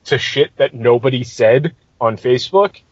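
A man's voice: medium pitch, normal speed, slightly rough, no room sound, highs cut off. A man hosting a podcast, telling a tabletop game story in a casual, profane and exasperated way.

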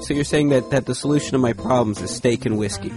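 A man hosting a show, talking in a meek, deadpan, subdued way on a phone call. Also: mid-range voice, fast talker, over music. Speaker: host. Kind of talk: casual phone chat.

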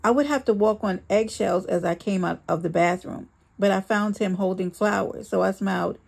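A woman reading a first-person memoir aloud in a plain, steady storytelling delivery. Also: medium pitch, moderate pace, vocal fry, slightly rough. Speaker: memoir reader.

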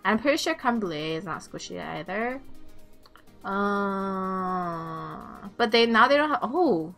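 A woman giving live gameplay commentary, excitable, swearing and laughing, with squeals when things heat up. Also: medium pitch, takes it slowly, pauses often, faint music behind. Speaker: game streamer.

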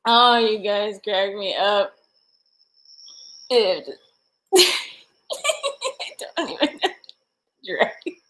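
Giggly slow-talking woman livestream host. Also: mid-range voice, animated, fairly bright tone, low-quality recording. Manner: giggly, laughing constantly. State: slap-happy, tired. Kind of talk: casual livestream chat.

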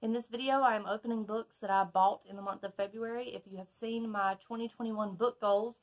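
A woman with a Southern US accent, chatting excitedly as she unboxes books in her bedroom for a vlog. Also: on the high side. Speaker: book YouTuber. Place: bedroom at home.

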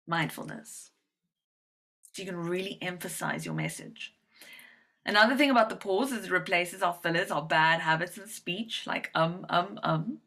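Bright, animated woman voice coach. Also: rough recording. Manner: animated demonstrative delivery, swings pitch and volume; coaching, direct instructions. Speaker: confidence coach. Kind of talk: presentation to medical professionals.

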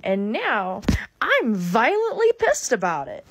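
A woman's voice: medium pitch, animated, moderate pace, noisy background. A woman ranting angrily to camera, swearing constantly and furious. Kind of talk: angry rant to camera.

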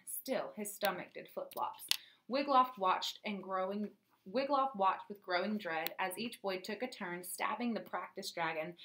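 A woman narrating a children's storybook in a lively, clear reading voice. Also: medium pitch, a little hiss or hum. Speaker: audiobook narrator.

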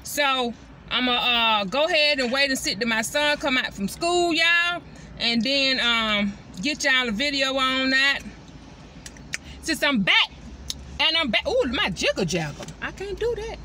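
Chatty high-voiced woman vlogging. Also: measured pace, slight background noise. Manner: chatty, animated, keeps addressing viewers as y'all. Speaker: vlogger and mother. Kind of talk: casual chat to viewers. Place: inside a parked truck.

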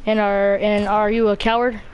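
A woman playing an online game with a child, chatting casually with excited, teasing trash talk and rapid repeated commands. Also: medium pitch, slight background noise. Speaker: gamer playing alongside a child. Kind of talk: casual gameplay chat.

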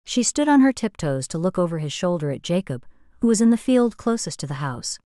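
A woman narrates an audiobook in a steady, measured reading voice. Her pitch sits on the low side, and the sound is dry and close, with no room around it. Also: no echo. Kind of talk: scripted narration.

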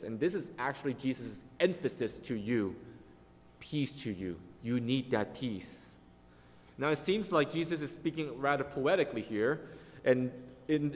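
A man's voice: a little high, darkish tone. A man preaching a sermon as pastor, earnest and emphatic, leaning hard on key words. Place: church sanctuary. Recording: long reverb of a church hall.

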